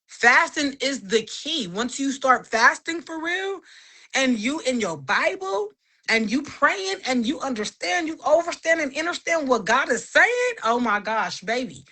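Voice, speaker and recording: Bright, animated woman chatting. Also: high voice. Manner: animated, laughs often between phrases; faith-filled testimony, emphatic repetition. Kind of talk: casual chat.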